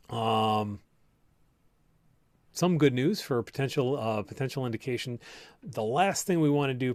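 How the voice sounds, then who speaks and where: A man talks through health findings in a relaxed, explanatory way, often stopping to restart a thought. His voice sits at an ordinary middle pitch. It sounds close and dry, with no room echo. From United States. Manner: conversational, explanatory, many fillers and restarts. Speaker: host and clinician. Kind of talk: live-stream health talk, reading viewer comments.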